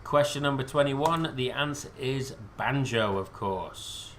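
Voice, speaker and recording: A British man hosts a quiz on a casual live stream, his medium-pitched, fairly bright voice moving at a measured pace. He rambles, jokes and mocks himself, with faint noise in the background.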